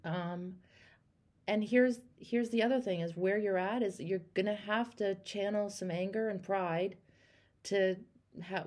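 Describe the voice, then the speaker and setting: A woman hosting a call-in coaching chat, encouraging and animated, acting out example phrases for her caller. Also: medium pitch. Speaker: host and life coach.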